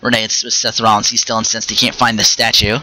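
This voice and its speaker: A man hosting a casual solo podcast, rambling and restarting his sentences, with quick asides while he plays a game. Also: fairly low pitch, flat delivery, pushed and bright, rough recording. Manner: rambling, stops and restarts mid-thought; chatty, with short asides while playing a video game. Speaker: podcast host.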